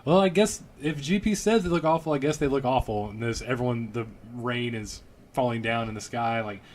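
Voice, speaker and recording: A man from Louisiana co-hosts a casual sports podcast. He rambles and cracks jokes, thinking out loud mid-sentence and trailing off. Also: medium pitch, fairly quick, slight background noise. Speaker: podcast co-host.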